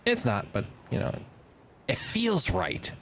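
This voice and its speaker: A streamer chats casually over gameplay, half talking to themselves, with a throat that sounds a little tickled. The voice sits mid-pitch but climbs and drops all over the place, turning suddenly exasperated and loud before settling back into a low mutter. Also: slow, heavy background noise. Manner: animated, rambling self-talk with sudden exasperated outbursts. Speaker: live streamer playing a game.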